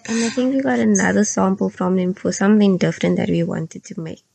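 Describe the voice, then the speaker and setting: A young woman from South Africa co-hosting a casual podcast, explaining step by step in a measured way. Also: mid-range voice, creaky, over a noisy crowd. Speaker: podcast co-host. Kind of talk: casual chat.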